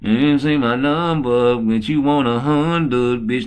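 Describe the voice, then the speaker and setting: A man hosting his own channel, talking in a profane, boisterous, rambling way that swings between low mutters and loud excited bursts. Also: takes it slowly, hardly any pauses, clear, resonant tone. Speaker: channel host. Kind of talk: rambling livestream talk.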